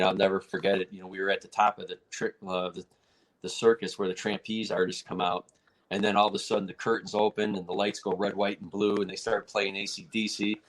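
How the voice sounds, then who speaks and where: A man with a fairly low voice tells a story in a relaxed interview. He talks casually and animatedly, and his pitch jumps when he acts out what people said. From United States. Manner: animated, acts out quotes in a raised voice. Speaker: martial arts federation president, guest.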